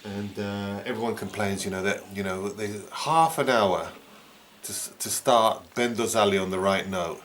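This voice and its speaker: A man's voice: on the low side, normal speed, fairly bright tone. Rambling man telling anecdotes. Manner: rambling, full of "you know" and restarts, chuckling. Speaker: storyteller recalling a trip. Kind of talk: casual anecdotal reminiscing. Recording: roomy echo with faint background noise.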